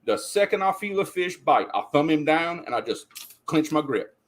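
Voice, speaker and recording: A man's voice: on the high side, expressive, normal speed. Co-host man, casual, emphatic, repeats points to drive them home. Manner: emphatic, repeats himself for stress. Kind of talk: casual chat on a live stream.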